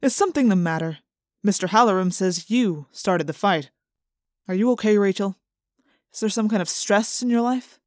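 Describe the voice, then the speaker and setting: A woman's voice: mid-range voice, expressive, normal speed, darkish tone, no echo, studio quality, natural voice. A woman voicing a stern adult male assistant principal who demands answers.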